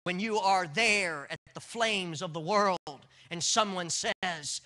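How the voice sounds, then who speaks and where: High-voiced man preaching intensely. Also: slow, sharp tone. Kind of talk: dramatic sermon. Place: church service.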